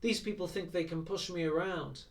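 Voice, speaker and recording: A man's voice: high-pitched, normal speed, recorded from a distance, pitched above the performer's own voice. A man reading aloud and voicing a haughty, petulant teenage boy prince who flares up indignantly. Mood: menacing. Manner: imperious, sulky, flares up indignantly.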